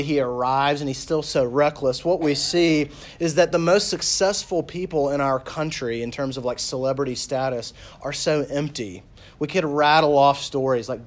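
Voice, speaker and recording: A man preaching a sermon as a pastor, talking casually with lots of "like" and "you know", and reading scripture slowly and softly. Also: mid-range voice. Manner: conversational, with fillers like "like" and "you know".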